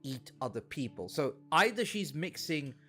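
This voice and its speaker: Male streamer, casual gaming chat, animated rambling storyteller, frequent swearing, lively pitch. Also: normal speed, faint music behind.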